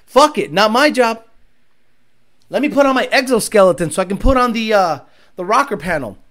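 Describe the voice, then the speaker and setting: A man's voice: sits high, animated, a little fast, a bit bright. A man mocking a lazy assembly-line worker. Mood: dismissive. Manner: careless, dismissive.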